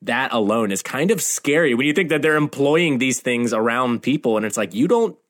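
A man's voice: mid-range voice, animated, normal speed, a bit bright. Chatty, enthusiastic man co-hosting a podcast. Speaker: podcast co-host. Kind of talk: casual film discussion.

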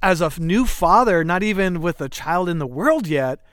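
A man's voice: high-pitched, expressive, moderate pace, a bit bright, no echo. Podcast guest, male, 30s: candid, emotional storyteller, clean voice, dry studio mic. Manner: earnest, emotional, acts out quoted dialogue.

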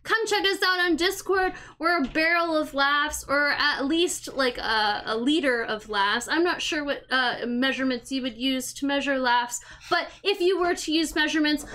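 A young woman hosts a podcast in a casual, chatty way, giggling often. Her voice sits high and sounds bright and clear. She walks her guest through Japanese phrases. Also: unhurried. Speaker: podcast host. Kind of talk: casual chat.

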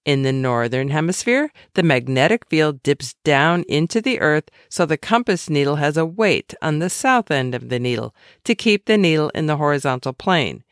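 A woman reading her own devotional book aloud in an expressive, conversational storytelling way with wry asides. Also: low voice, normal speed, few pauses, no room sound, clean studio sound.

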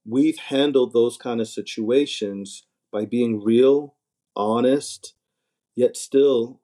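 A man's voice: mid-range voice, takes it slowly, dark tone. A man in casual conversation, talking earnestly and often repeating words as he starts a thought. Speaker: podcast guest, married minister. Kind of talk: casual chat.

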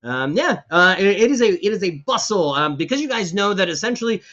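A man's voice: sits high, sing-song, a little fast, pushed and bright. A man narrating as game master of a tabletop game, with a loose, rambling delivery full of fillers and restarts. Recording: slightly dull lo-fi stream audio.

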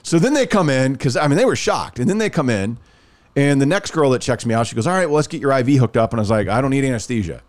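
A man chats on a podcast and tells a story with a lively, swinging pitch. He slips into the voices of the people he quotes, and his voice sits at a middle pitch. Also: fast. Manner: animated, acts out quoted dialogue. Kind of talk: casual storytelling chat.

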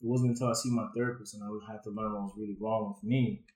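A man's voice: lowish voice, flat delivery, fast talker, a little mellow. Earnest man speaking in a roomy space. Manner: earnest, emotional, casual slang. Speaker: guest. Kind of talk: candid podcast conversation.

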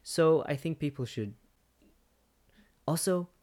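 In casual conversation, a man with a slightly high voice takes his time, speaking earnestly and reflectively about his personal experiences. He grows animated when retelling them.

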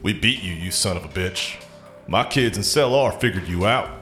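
A man voicing a defiant male agent handler who talks in a low, gruff, contemptuous way. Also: animated, moderate pace, fairly bright tone. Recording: roomy recording with faint music.

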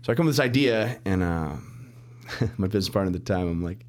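Middle-aged podcast guest with a very low voice, animated storyteller who acts out quotes. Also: male voice, a little fast. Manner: animated storyteller, acts out quoted dialogue, restarts and laughs often. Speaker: mortgage lender and podcast guest. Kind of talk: casual storytelling interview.

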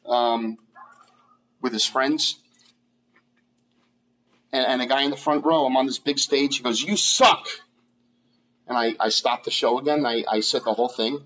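Husky-voiced comedian guy telling a road story, lots of ums and restarts, mid pitch. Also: fairly bright tone, low-quality recording. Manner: halting, many restarts and fillers. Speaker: guest comedian. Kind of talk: casual interview storytelling.

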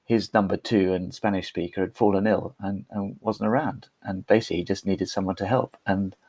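A man's voice: sits low, steady tone, brisk, darkish tone, slightly rough, dry recording. A man, a podcast guest, telling a personal story in a chatty, self-deprecating way with frequent restarts. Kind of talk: conversational storytelling.

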